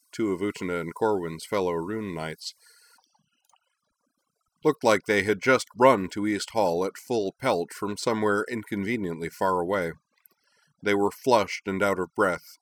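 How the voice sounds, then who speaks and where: Male storyteller, lowish pitch, expressive, storybook narration. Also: dry recording. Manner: lively, expressive reading.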